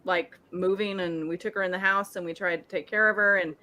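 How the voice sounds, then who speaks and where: A woman's voice: fairly low pitch, fairly even intonation, a little fast, pushed and bright. A married woman guest on a video call chat, emotional and laughing as she talks. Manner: emotional, laughs while talking. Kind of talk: casual chat.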